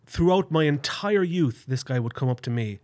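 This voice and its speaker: A man's voice: on the high side, normal speed. A young Irish man chatting casually, telling stories with swearing and acted-out voices. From Ireland. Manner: animated storytelling, swearing, acts out voices. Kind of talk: casual chat.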